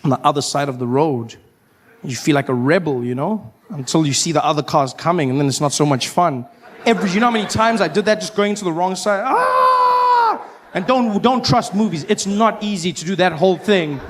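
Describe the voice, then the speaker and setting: A male comedian performing stand-up, telling a story in an animated way and breaking into sudden shouts. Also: on the high side, brisk, a little hiss or hum.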